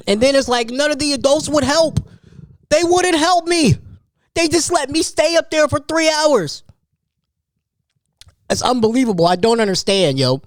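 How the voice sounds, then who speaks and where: Man, thirties, somewhat high voice, rambling animated storytelling, dry close sound. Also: no room sound. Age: 30s. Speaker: podcast host. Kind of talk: casual solo podcast monologue.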